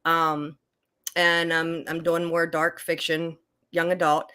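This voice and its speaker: A woman's voice: low-pitched, completely flat delivery, takes it slowly, bright, forceful tone, smooth. An older woman, an author guest on a podcast, talking casually with frequent laughs and fillers. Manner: chatty, laughs often, many fillers and restarts.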